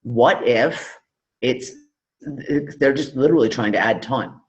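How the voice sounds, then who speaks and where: A man's voice: mid-range voice, slow pace. A man co-hosting a live online talk show, casual and loose, trailing off mid-thought and swearing freely. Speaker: podcast co-host. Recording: dull lo-fi call audio.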